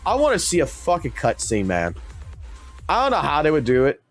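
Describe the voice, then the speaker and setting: A man streaming games, talking in an excited, rambling way with constant swearing. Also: a little high, fairly quick, faint music behind. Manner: profane, animated, rambling. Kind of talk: excited gaming stream talk.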